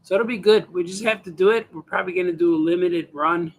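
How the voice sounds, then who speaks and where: Gravelly man muttering while he draws. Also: high-pitched, quick pace. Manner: mutters to himself, trails off, talks to viewers. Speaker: cartoonist livestreaming while drawing. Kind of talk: casual live-stream chat while drawing.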